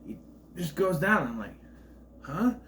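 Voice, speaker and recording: A man talks through a film in a loose, unscripted review, retelling scenes with blunt, profane asides. His pitch swings widely around a mid-range center. A faint hum sits behind him. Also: expressive, normal speed, a bit bright. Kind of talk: casual spoiler review.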